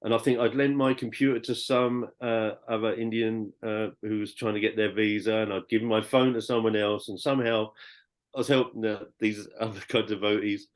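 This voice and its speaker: Brief: British man, low voice, rambling heartfelt podcast storyteller. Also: fairly even intonation, brisk. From Britain. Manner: rambling and heartfelt, with many restarts. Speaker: podcast guest. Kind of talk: personal storytelling.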